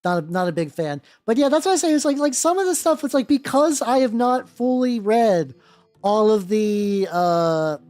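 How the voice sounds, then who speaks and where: A woman's voice: fairly high pitch, expressive, moderate pace, a little mellow. A woman hosting a casual livestream while she paints, rambling with a lot of swearing and restarts. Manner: rambling, profane, many restarts. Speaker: streamer and host. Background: faint background music.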